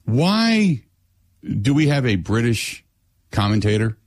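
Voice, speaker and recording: Host in his middle years, animated storyteller, close dry mic. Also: medium pitch, slow pace, no room sound. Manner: animated storyteller, acts out his own lines. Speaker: radio show host. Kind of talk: casual chat.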